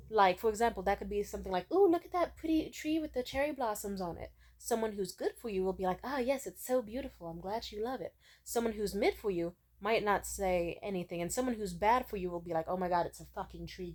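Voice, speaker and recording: A young woman talks straight to camera in a loose, rambling storytelling style. Her voice sits a little low for a woman, and she scatters "like" and casual swearing through every sentence as she recounts her dating stories. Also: a little mellow. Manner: chatty, swears freely, mimics people in quotes; many filler "like"s and restarts. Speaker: vlogger.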